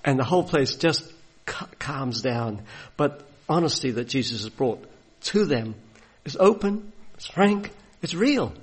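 A man's voice: mid-range voice, animated, unhurried, hardly any pauses, husky. A man preaching a sermon, retelling a gospel story and acting out the voices of its people. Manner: storytelling, acts out voices of biblical figures.

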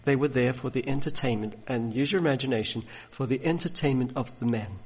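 A man's voice: medium pitch, fairly quick, a little mellow, breathy edge. A man preaching a sermon, retelling a gospel story and acting out the voices of its people. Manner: storytelling, acts out voices of biblical figures.

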